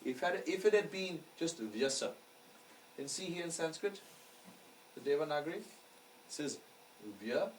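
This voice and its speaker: A man's voice: fairly high pitch, lively intonation, normal speed, pauses often. A man teaching a lecture class, explaining patiently and often checking that the students follow. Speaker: astrology teacher. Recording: distant mic with faint background noise.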